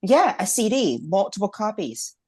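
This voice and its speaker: A woman's voice: mid-range voice, sing-song, normal speed, darkish tone, slightly rough. A woman hosting an interview, asking eager, enthusiastic questions over a video call. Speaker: interviewer, host. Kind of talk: casual interview chat.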